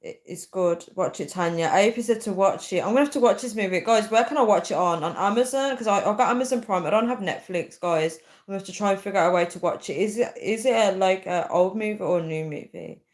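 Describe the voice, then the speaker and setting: A young woman hosting a casual live stream, reading viewer comments aloud and thinking out loud with many fillers. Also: medium pitch, quick pace, hardly any pauses. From United Kingdom. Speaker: livestream host.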